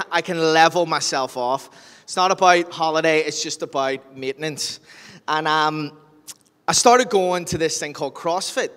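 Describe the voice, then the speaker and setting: Animated Northern Irish preacher in a reverberant hall. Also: male voice, fairly high pitch. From Northern Ireland. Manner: animated storyteller, jokey, acts out scenes. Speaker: pastor. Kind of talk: sermon.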